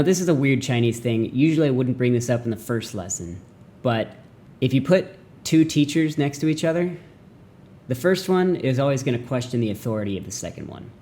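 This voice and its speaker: Youngish guy doing a chill mandarin lesson, mellow voice, animated and goofy. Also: mid-range voice, a little hiss or hum. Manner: animated, jokey, acts out mock voices. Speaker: language teacher. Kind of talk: casual video lesson.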